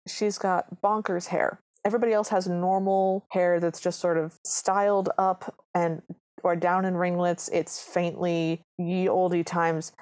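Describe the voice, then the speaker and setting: A woman's voice: fairly low pitch, flat delivery, unhurried, darkish tone. Sarcastic woman recapping a movie. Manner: sarcastic, exasperated. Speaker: podcast co-host. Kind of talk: comedic movie recap chat.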